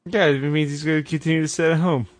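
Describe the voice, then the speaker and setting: A man co-hosting a podcast in casual chat, delivering dry, deadpan jokes. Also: a little high, quick pace, no room sound. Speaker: podcast co-host.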